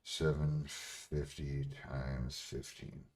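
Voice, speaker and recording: A man's voice: very deep voice, flat delivery, very slow, a little mellow. A young man chatting casually on a livestream, blunt and full of profanity as he answers questions from chat. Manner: profane, blunt, laughs often.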